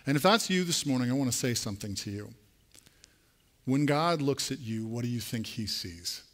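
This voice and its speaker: At a moderate pace and with an expressive voice, a pastor delivers a sermon in church. His words are earnest and aimed straight at the congregation, climbing to an emphatic pitch as he nears the end.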